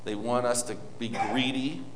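A male preacher talks to his congregation in a relaxed, storytelling way, stumbling and restarting as he goes. His voice sits at an ordinary pitch. It rings out through a large hall with a long, echoing reverb. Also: normal speed, background noise. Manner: informal, anecdotal, with many restarts. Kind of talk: conversational sermon.

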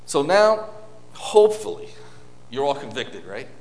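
A male preacher talks to his congregation in a relaxed, storytelling way, stumbling and restarting as he goes. His voice sits at an ordinary pitch. It rings out through a large hall with a long, echoing reverb. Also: measured pace. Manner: informal, anecdotal, with many restarts. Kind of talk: conversational sermon.

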